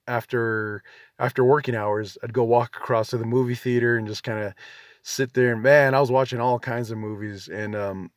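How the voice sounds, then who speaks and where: A man's voice: mid-range voice, dry recording, clean studio sound. A man in his forties, a veteran hosting a podcast, rambling in a casual, self-deprecating monologue full of "you know" and "um". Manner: laid-back, self-deprecating.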